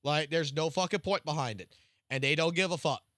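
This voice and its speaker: A man's voice: on the high side, a little fast, fairly bright tone, dry recording, studio quality. A man live-streaming, ranting casually with heavy swearing and rambling restarts. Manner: profane, rambling, restarts sentences. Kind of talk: casual late-night stream rant.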